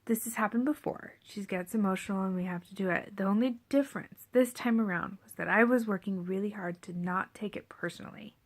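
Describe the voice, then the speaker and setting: A woman's voice: mid-range voice, fairly quick, hardly any pauses. A pregnant young woman telling a parenting story to camera in a candid, reflective way, often dropping to a near whisper. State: seven and a half months pregnant. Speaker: parenting vlogger.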